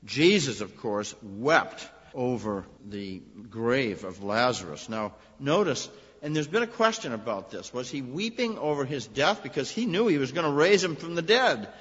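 A man, a minister, preaching a sermon in a conversational storytelling way, rising to emphatic high points. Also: very animated, moderate pace, hardly any pauses, a bit bright, husky. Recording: long reverb, dull lo-fi sound.

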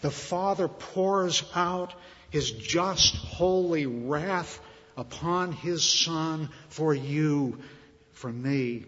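A man preaching a sermon, slow and earnest, rising louder on key phrases and dropping soft at the ends. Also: a little high. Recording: muffled reverberant hall.

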